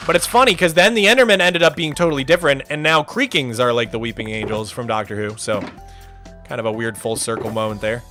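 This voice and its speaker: A man's voice: medium pitch, quick pace, sharp tone, soft background music. A young man hosting a live stream in casual chat, reading and answering viewer messages. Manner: chatty, reads chat aloud, loose restarts. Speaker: streamer host.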